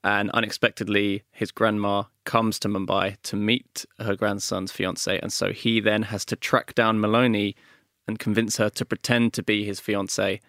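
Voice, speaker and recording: A man co-hosting a film podcast, casual and joking with quick asides. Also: on the low side, flat delivery, fairly bright tone, dry recording, clean studio sound. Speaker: podcast co-host. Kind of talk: casual chat.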